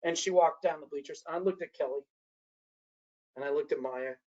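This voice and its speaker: A man's voice: on the high side, moderate pace, darkish tone, muffled recording. Man telling a story in a workshop talk. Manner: storytelling, frequent "uh, uh" and tag questions "right?". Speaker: workshop speaker. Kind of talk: anecdotal presentation to an audience.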